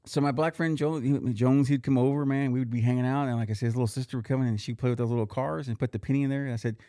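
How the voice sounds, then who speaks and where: A man's voice: mid-range voice, fairly even intonation, racing, warm tone, dry recording, studio quality. A man co-hosting a podcast in casual chat, rambling and swearing freely with lots of restarts. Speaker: podcast co-host.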